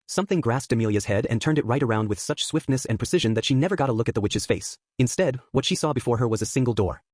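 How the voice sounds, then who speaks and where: Brisk male audiobook narrator. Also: medium pitch, expressive, a little mellow, no echo, studio quality. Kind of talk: scripted narration.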